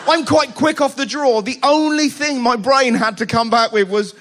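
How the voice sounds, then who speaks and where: A man performing a stand-up routine, telling animated stories and shouting punchlines in a theatre. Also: very high-pitched, moderate pace, hardly any pauses. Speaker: stand-up comedian. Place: theatre stage. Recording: live theatre with loud laughing crowd and noise.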